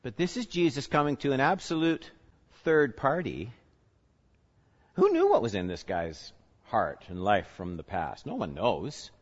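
A male pastor teaching a sermon in a conversational way, putting questions to the congregation and swinging between loud emphasis and quiet asides. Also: mid-range voice, sing-song, unhurried. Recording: reverberant hall, dull lo-fi sound.

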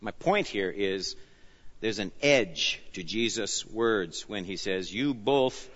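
A man preaching an expository sermon, earnest and emphatic, often dropping low and soft on key phrases. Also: animated, takes it slowly. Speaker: pastor. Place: church. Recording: dull sound, long reverb of a church hall.

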